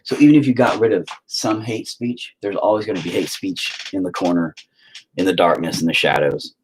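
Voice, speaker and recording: A man's voice: low-pitched, a little fast, noisy background. A man giving a casual, rambling monologue, emphatic and heavily profane.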